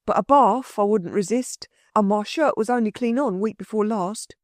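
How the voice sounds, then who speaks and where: A rough burglar, meek and muddled, his slangy working-class talk rambling on, as a woman reader puts him on. The storybook voice sits a little below the reader's own. It is heard dry and close. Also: mid-range voice, moderate pace, no echo, close to an everyday voice. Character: rough-spoken male London burglar, bewildered, meek.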